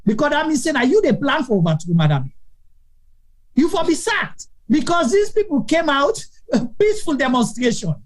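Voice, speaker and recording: A woman with a Sierra Leonean accent co-hosting a live talk show, giving animated political commentary. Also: high-pitched, moderate pace, poor audio.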